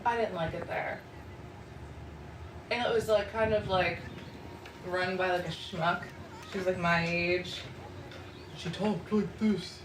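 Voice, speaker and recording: A woman's voice: on the low side, steady tone, measured pace, long pauses. A young woman hosting a podcast, telling a gossipy story in casual chat and filling her speech with "like.". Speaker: podcast host. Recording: echoey room, far from mic, noisy.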